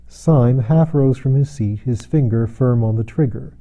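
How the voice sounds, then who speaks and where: A man reading a novel aloud as a narrator, measured and steady, acting out the dialogue. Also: mid-range voice, poor audio. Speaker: audiobook narrator. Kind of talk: scripted narration.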